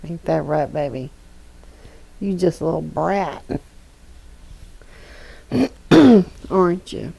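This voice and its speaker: A woman streaming from her home desk, talking slowly and softly to her cat in baby talk. Her voice sits low with a gravelly fry and a dark, mellow tone. She speaks into a desk microphone. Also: animated, low-quality recording. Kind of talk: casual chat with her cat while gaming.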